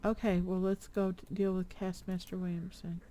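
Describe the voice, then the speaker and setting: Mellow older woman chatting while gaming. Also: on the low side, little pitch movement. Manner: chatty, reads quest text aloud slowly. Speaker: streamer playing an online game with her husband. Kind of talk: casual gameplay chat.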